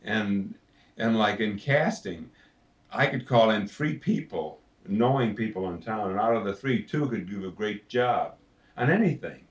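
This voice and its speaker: A man, a voice actor, telling anecdotes in an interview in an animated way, slipping into voices. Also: on the low side, measured pace, highs cut off. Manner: animated storyteller, slips into voices. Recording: roomy, distant mic.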